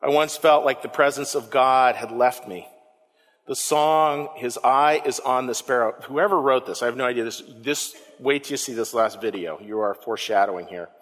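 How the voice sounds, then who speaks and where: A man preaching a sermon as pastor, telling the story with animated emphasis and repeating words for effect. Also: medium pitch, moderate pace, long reverb tail.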